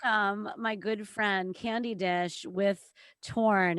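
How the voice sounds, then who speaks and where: A show host introducing acts in a campy, gushing way over a video call. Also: female voice, mid-range voice, unhurried, a bit bright, dry recording. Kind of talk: casual show hosting.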